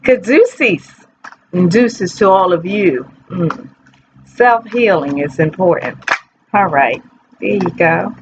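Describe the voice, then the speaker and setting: A woman's voice: on the low side, slow pace, highs cut off, background noise. A woman reading tarot in a casual, playful, rambling chat to her viewers. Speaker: tarot reader.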